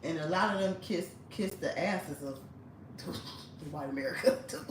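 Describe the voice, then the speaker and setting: Woman, low voice, blunt and chatty storyteller, recorded at a distance in an echoey room. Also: normal speed, slight background noise. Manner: blunt, chatty, frequent swearing and laughter. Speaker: vlogger. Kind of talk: casual storytelling.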